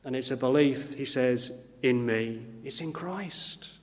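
A man preaching a sermon in an earnest style, slowing down whenever he quotes scripture. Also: mid-range voice, big-room sound. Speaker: pastor. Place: church.

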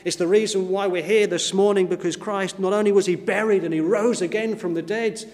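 Man preaching a sunday sermon, kinda high voice, long echo in the church. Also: fairly even intonation, a little mellow. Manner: earnest preaching, slows down to quote scripture. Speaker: pastor.

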